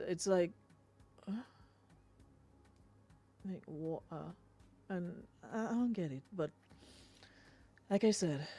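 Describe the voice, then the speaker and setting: A woman's voice: medium pitch, a little mellow. A Grenadian woman hosting a radio show, chatting casually with lots of fillers and laughs. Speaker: radio host.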